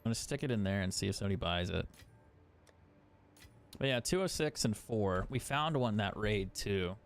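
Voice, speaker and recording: A man's voice: lowish voice, lively intonation, normal speed, smooth. A young man chatting casually as a game streamer, swearing freely and laughing often. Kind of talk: casual gaming stream commentary.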